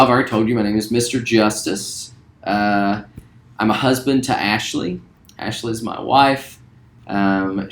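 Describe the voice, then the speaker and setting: Friendly man with a low voice in an echoey room. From West Virginia. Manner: relaxed, friendly, frequent ums and uhs. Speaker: high school theater teacher. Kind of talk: recorded self-introduction to students. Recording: roomy echo.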